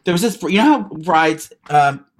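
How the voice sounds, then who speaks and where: A man's voice: fairly high pitch, lively intonation, moderate pace. A man co-hosting a podcast in casual chat, telling stories in loose rambling bursts with crude asides and restarts. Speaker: podcast co-host.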